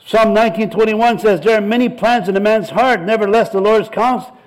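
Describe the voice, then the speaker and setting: Male pastor, sermon, high voice, animated storytelling, repetitive. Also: fairly quick, poor audio. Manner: animated storytelling, acts out dialogue, frequent repetitions.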